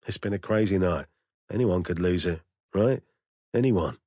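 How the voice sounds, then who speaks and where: Tense young brother, as a male narrator does him, clipped urgent lines, deep husky voice. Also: normal speed, dark tone, no echo, clean studio sound. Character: young man, tense, protective older brother.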